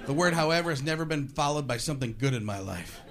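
A man's voice: on the high side, expressive, fast talker. A man performing a stand-up comedy routine, ranting and slipping into voices on stage. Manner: rants, switches into voices. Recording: live stage with crowd laughter. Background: audience laughing.

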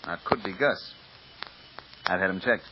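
Low-pitched and a little slow, a male actor voices a businesslike, brisk police lieutenant for a 1950s radio drama. The old radio recording sounds dull and lo-fi, with a touch of hiss or hum.

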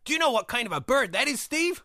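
A man's voice: very high-pitched, big pitch swings, fast, sharp tone, no room sound, studio quality, exaggerated voice. A man playing a jolly, cheerful pirate captain on a children's show, exclaiming in a sing-song, giggly way. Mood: cheery.

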